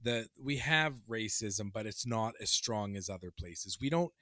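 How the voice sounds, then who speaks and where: Bright-voiced, fired-up man ranting. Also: on the low side, unhurried, no room sound, studio quality. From Canada. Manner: heated, swearing, animated ranting. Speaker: podcast co-host. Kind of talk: casual chat.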